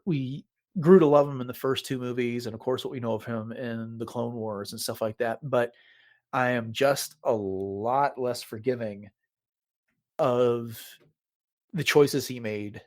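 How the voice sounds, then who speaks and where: A man's voice: mid-range voice, unhurried, darkish tone. A man co-hosting a podcast, retelling movie scenes in a casual chat and acting out quoted lines. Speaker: podcast co-host.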